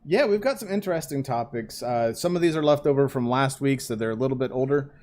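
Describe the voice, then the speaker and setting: A man's voice: medium pitch, expressive, fast talker, darkish tone, a little hiss or hum. A man co-hosting a gaming podcast in casual chat, chuckling often and asking eager questions. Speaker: podcast co-host.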